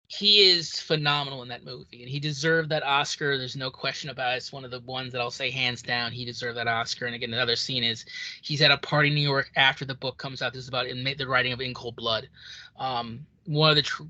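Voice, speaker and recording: A podcast co-host chatting casually about films, telling scenes in an animated way and acting out quoted lines. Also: medium pitch, no room sound. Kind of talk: casual film chat.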